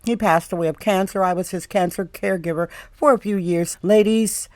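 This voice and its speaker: A woman's voice: medium pitch, fairly even intonation, brisk, a little mellow, no room sound. An older woman giving direct advice to the camera, emphatic and preachy, often repeating her warnings. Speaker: advice mentor. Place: San Francisco, indoors.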